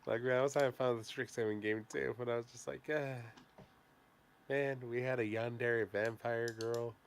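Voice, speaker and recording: A man's voice: mid-range voice, brisk, slight background noise. A young man, a player, chatting after the session and acting out his own reactions as he tells stories. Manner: animated storyteller, acts out his own reactions. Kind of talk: casual chat between players.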